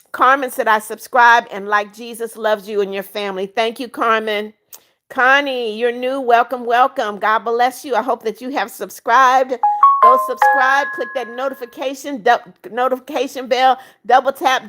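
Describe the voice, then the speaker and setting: A woman's voice: on the high side, fairly bright tone. A woman in her seventies hosting a livestream, reading out chat comments, pleading for likes and subscribes, and bluntly scolding rude viewers. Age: 70s. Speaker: livestream host.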